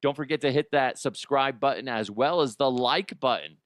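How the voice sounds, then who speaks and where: A man hosting a comedy show, telling a story in a profane, animated way, laughing and jumping his voice high for effect. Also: moderate pace, hardly any pauses, dry recording, studio quality. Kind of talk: comic storytelling monologue. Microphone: studio microphone.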